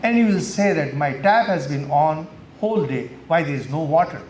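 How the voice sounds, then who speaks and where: A man's voice: a little high, normal speed. Male teacher, emphatic talk, faint noise in a reverberant hall. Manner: animated, emphatic, swings from loud to quiet. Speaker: spiritual teacher. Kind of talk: lecture to college students. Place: college hall.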